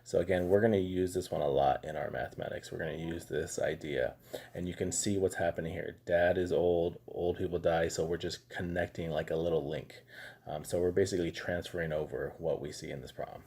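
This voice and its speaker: Math teacher, middle-aged man, low mellow husky voice, easygoing anecdotal delivery. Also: fairly quick. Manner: relaxed, chatty, tells anecdotes with lots of fillers. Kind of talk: casual classroom lesson.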